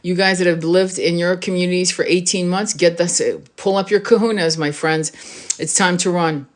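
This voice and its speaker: A woman with a lowish voice talks straight to her viewers in a casual spiritual monologue. Her delivery is passionate and emphatic, and she swears bluntly and hammers home key phrases by repeating them. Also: fairly even intonation, normal speed. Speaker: spiritual reader and vlogger.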